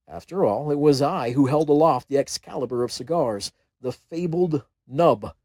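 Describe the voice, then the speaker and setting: A man's voice: medium pitch, a little mellow, no echo. Wry American man narrating a memoir. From United States. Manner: wry, self-deprecating storytelling. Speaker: chaplain and author. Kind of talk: humorous memoir audiobook narration.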